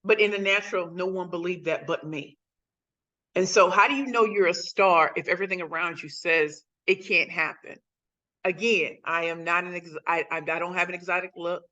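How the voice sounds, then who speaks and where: A woman's voice: lowish voice, fairly even intonation, normal speed, bright, forceful tone, lo-fi sound. A woman in her forties, from St. Louis, telling her life story as a guest speaker on a video call, emphatic and repeating phrases for effect. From St. Louis, USA. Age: 40s. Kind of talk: motivational personal story.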